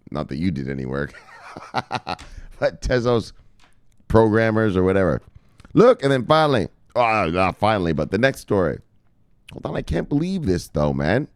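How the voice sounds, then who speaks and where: Animated, profane male crypto news host. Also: lowish voice, moderate pace, pauses often, dry recording, studio quality. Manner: animated, swears freely, exclaims "look, look". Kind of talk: casual profane live-stream commentary.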